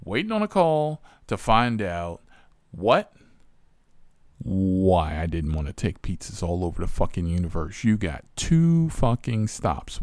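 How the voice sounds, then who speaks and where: A man, a rideshare driver, telling stories in a profane, animated, exasperated way. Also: low voice, no room sound, clean studio sound. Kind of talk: casual storytelling.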